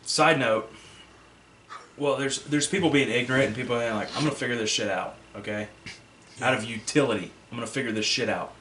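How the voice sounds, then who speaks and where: A man's voice: mid-range voice, fairly quick, a bit bright. Laid-back man, echoey noisy room. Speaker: podcast co-host and editor. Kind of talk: casual podcast chat.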